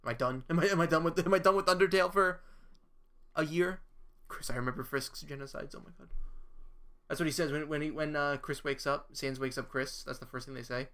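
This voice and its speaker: A young man chatting casually on a live stream, halting and self-questioning, swearing now and then. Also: fairly high pitch, sharp tone.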